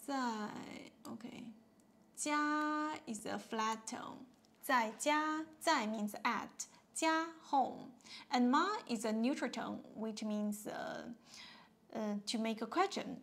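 Slow, gravelly woman teacher. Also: a little high, fairly bright tone. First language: Mandarin Chinese. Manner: patient, repeats words and tones many times, fills with "yeah" and "okay". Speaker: Chinese language teacher. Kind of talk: online language lesson.

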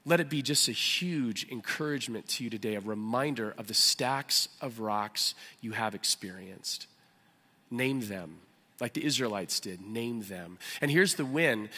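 Pastor, male, earnest and animated sermon delivery, sharp bright tone. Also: mid-range voice, slightly rough, in a large hall. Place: church sanctuary.

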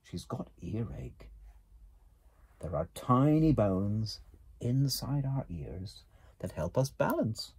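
A man's voice: mid-range voice, sing-song, takes it slowly, darkish tone, slightly rough, full character voice. Man reading as a stern dog doctor. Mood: lecturing. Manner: firm, lecturing. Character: stern, matter-of-fact male dog doctor. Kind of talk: storybook character voice.

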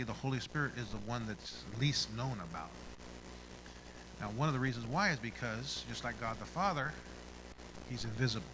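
A man preaching from the front of a church, low-pitched with an even middle tone. He stops and repeats words, then swells into loud, emphatic prayer. A heavy wash of background noise sits under the voice. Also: fairly quick. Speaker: pastor. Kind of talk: sermon with prayer. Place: church sanctuary.

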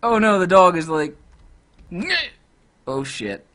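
A gamer giving let's-play commentary, swearing, yelling and laughing at the game. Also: mid-range voice, expressive, takes it slowly, slight background noise.

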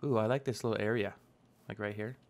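A man's voice: on the low side, fairly even intonation, quick pace. A young man hosting a casual gameplay video, chatting playfully and talking to the animals in the game. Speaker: let's play host.

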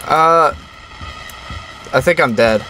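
A young man playing a horror game and commenting as he goes, reading on-screen text aloud in a slow low voice and yelping and shouting at the scares. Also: faint music behind. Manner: jumpy, yelps and shouts at scares. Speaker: gaming YouTuber.

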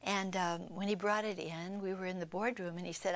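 A woman's voice: medium pitch, steady tone, normal speed. An older woman co-hosting a Christian television program, giving a heartfelt personal testimony and often dropping to an unvoiced whisper.

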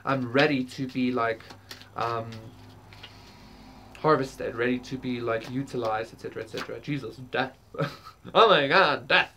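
Low-voiced rambling tarot reader woman. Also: steady tone, normal speed, fairly bright tone, slight background noise. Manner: rambling, frequent fillers, swears casually, laughs. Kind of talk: casual spiritual reading to camera.

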